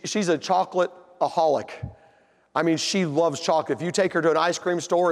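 A man telling a humorous family story in a sermon, folksy and animated. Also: fairly high pitch, gravelly, in a large hall. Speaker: pastor.

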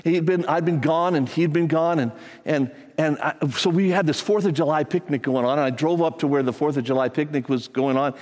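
An older man with a fairly high voice delivers a sermon in a folksy, storytelling way. He repeats phrases and jumps up in pitch. His voice carries a long reverb, as in a large hall. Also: fairly quick, darkish tone. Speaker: preacher.

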